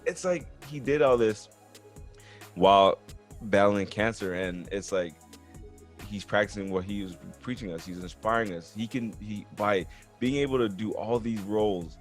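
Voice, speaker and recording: A male podcast host with a low-pitched voice, chatting casually and earnestly and dropping "bro" and "man" into his sentences. Faint music sits underneath him. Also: fairly even intonation, normal speed. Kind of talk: casual sports podcast chat.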